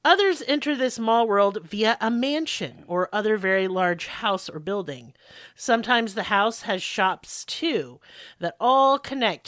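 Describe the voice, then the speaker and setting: A woman's voice: medium pitch, a bit bright, dry recording, studio quality. A woman in her twenties co-hosting a podcast, blunt and crude, joking between bits read from notes. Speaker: podcast co-host. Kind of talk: casual podcast chat.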